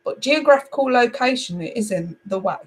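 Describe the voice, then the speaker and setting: A middle-aged woman from England reading tarot cards live, chatty and animated as she talks to viewers. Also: fairly high pitch, brisk, husky, poor audio. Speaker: tarot reader.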